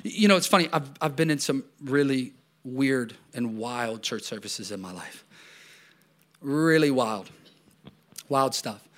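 A middle-aged man preaching a sermon as pastor, talking conversationally and swinging between loud bursts and hushed asides, often restarting and repeating words. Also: medium pitch, animated, unhurried, long pauses.

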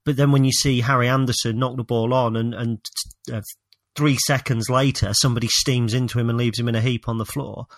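A man's voice: mid-range voice, steady tone, a little fast, no room sound. Opinionated man in a dry home office. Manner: opinionated, hesitant with restarts. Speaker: podcast co-host. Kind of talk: casual football chat.

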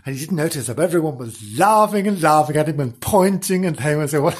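A man's voice: on the high side, animated, fairly quick, breathy edge. A man telling a comic story off the cuff, playful and giggly, making asides to the listeners.

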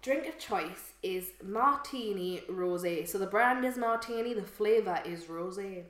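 A woman's voice: mid-range voice, unhurried, fairly bright tone, echoey room. A woman, co-hosting a podcast in casual chat, telling stories and laughing often. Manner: chatty storyteller, laughs often. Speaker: podcast co-host.

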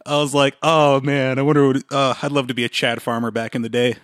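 Casting: male co-host, mid-pitched, casual rambling delivery, dry close mic. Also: little pitch movement, fast, fairly bright tone, clean tone, no room sound. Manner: rambling, trailing off, chuckling. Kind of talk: casual chat.

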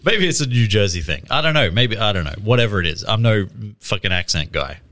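A man's voice: fairly low pitch, lively intonation, fast talker, a bit bright. Laid-back, swearing man. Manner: chatty, swears freely, laughs often. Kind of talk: casual chat reviewing a trailer.

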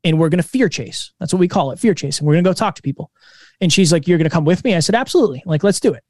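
A man in his twenties, a podcast co-host, telling stories in a casual, energetic interview. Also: fairly high pitch, very fast, no room sound, clean studio sound. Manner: energetic, animated storytelling.

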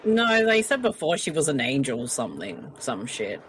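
A woman's voice: rumbling low, wildly swooping pitch, normal speed, a crowd in the background. A woman hosting a casual movie commentary podcast, reacting with laughs and exclamations. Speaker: podcast host.

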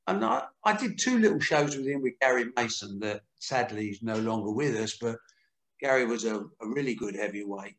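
A man's voice: medium pitch, expressive, normal speed, echoey room. An older man telling candid, earthy stories as a guest in an interview. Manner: candid, earthy, acts out quotes. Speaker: boxing promoter. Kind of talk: anecdotal interview storytelling.

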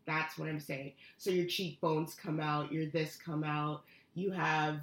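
Slow, low-voiced woman co-host. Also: level tone, roomy sound. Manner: hesitant, many fillers and restarts. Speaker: podcast co-host. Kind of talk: casual chat.

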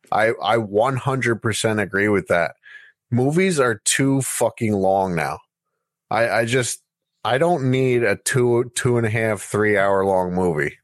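A man's voice: lowish voice, no echo, clean studio sound. A man co-hosting a podcast, frank and joking in casual chat. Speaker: podcast co-host.

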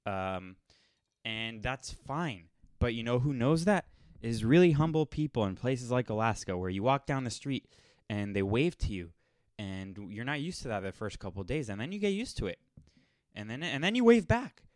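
Young guy rambling on, smooth clear voice, dead dry room, kinda sardonic. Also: medium pitch, sing-song, normal speed, no echo. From Los Angeles area. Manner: rambling, sardonic, mocking impressions. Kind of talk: casual storytelling monologue.

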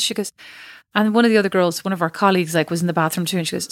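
A woman's voice: on the low side, rapid-fire, hardly any pauses, no room sound, clean studio sound. A woman co-hosting a podcast, telling a rambling story in casual chat and laughing at her own jokes. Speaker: podcast co-host.

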